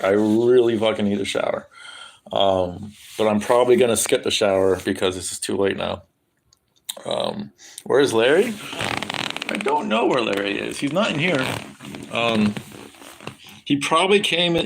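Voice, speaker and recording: A man's voice: medium pitch, moderate pace, vocal fry, a little hiss or hum. A young man live streaming, chatting casually in a rambling, crude, joking way with lots of ums.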